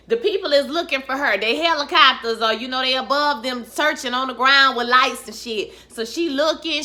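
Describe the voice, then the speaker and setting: A woman casually recapping a TV episode in a chatty, animated, profane way, calling viewers honey and child. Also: a little high. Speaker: vlogger recapping a TV series.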